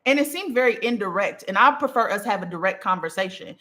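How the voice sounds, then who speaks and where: A woman coaching on communication in a casual teaching talk, emphatic and animated, checking in with the listener after nearly every point. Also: mid-range voice, fast. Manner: emphatic, checks in with "okay?" and "right?"; animated, punchy delivery.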